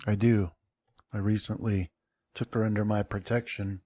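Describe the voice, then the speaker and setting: A man with a fairly low voice plays a tabletop game. He answers briefly and easily and asks plain questions. The sound is dry. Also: level tone, normal speed, darkish tone, no room sound. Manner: brief, easygoing replies. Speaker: player.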